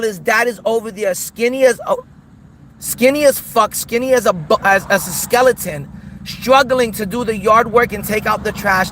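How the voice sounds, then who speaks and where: High-voiced guy on a livestream going off, mocking and repetitive, cars loud in the back. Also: normal speed, a little hiss or hum, rough recording. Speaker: streamer host. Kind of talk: livestream rant.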